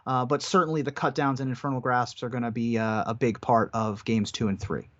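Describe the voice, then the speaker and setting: A man's voice: medium pitch, fairly even intonation, a little fast, fairly bright tone. A man commentating a card game tournament live, giving analytical play-by-play. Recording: dull lo-fi stream audio.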